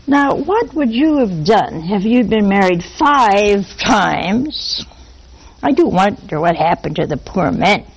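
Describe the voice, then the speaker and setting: A woman preaching a sermon, animated and throwing rhetorical questions at her listeners. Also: mid-range voice, takes it slowly, husky, low-quality recording.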